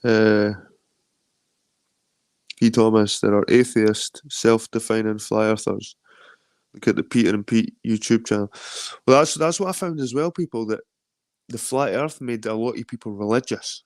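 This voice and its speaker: A man's voice: fairly low pitch, normal speed, long pauses, a little mellow, no echo, studio quality. A Scottish man hosting a stream, chatting loosely and reading out viewer comments, rambling with lots of swearing. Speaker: stream host.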